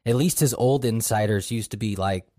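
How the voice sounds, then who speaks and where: A man co-hosting a casual podcast, reading passages aloud from a book and making crude deadpan jokes. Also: fairly low pitch, moderate pace, dry recording, studio quality. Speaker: podcast co-host.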